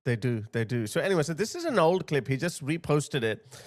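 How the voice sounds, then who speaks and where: A man's voice: fairly high pitch, sing-song, fairly quick, very noisy. A man hosting a commentary channel, talking bluntly and emphatically to his viewers as he reacts to video clips.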